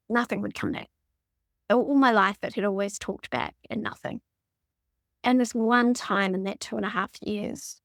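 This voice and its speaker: A woman's voice: mid-range voice, gravelly, no echo, clean studio sound. A middle-aged woman telling her personal story as a podcast guest, earnest and emotionally open. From New Zealand.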